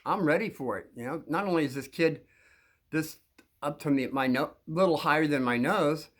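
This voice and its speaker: Guy telling kids about his school days, higher-pitched voice, keeps stopping and restarting. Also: normal speed, a bit bright. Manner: rambling, with frequent restarts and repeated words. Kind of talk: casual spoken storytelling to young listeners.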